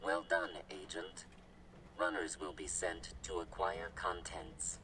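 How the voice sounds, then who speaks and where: A clipped, low-pitched robot analyst. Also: male voice, flat delivery, slow. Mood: computing. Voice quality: clipped machine-like delivery. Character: calm male robot analyst, flat and precise. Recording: distant game audio with clear background noise.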